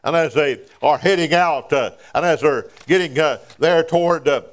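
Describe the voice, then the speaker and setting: A man preaching a sermon in a church, filling pauses with "uh" and dropping to a near whisper on key words. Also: on the high side. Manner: preaching with frequent "uh" fillers, dropping to hushed emphasis.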